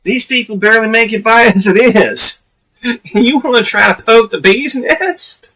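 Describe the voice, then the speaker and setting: A man's voice: high-pitched, animated, a little slow, pushed and bright, distant mic, poor audio. A man giving casual, profane commentary on a live stream, laughing often.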